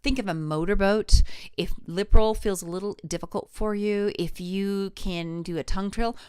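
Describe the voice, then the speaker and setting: A woman's voice: medium pitch, fairly even intonation, moderate pace, warm tone, smooth, no room sound, clean studio sound. A middle-aged woman teaching a live online singing lesson, encouraging her viewers and demonstrating vocal exercises. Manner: demonstrates vocal exercises, sings and slides between notes; encouraging, addresses viewers directly.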